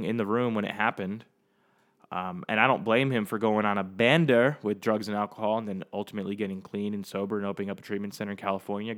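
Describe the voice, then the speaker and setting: Profane rambling young man on a podcast. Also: lowish voice. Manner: rambling, profane, animated, talks straight to listeners. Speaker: podcast host. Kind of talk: casual solo podcast monologue.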